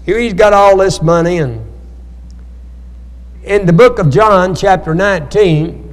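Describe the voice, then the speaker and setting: In a high-pitched, unhurried voice, a male pastor preaches a Bible study sermon and calls on the congregation to answer with amens. The recording comes from an echoey church hall.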